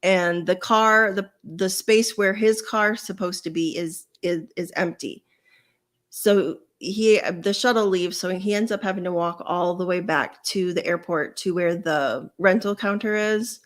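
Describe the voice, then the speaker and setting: A woman's voice: on the low side, measured pace. Woman in her forties hosting a podcast. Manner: relaxed, rambling storyteller. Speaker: podcast host. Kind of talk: casual chat.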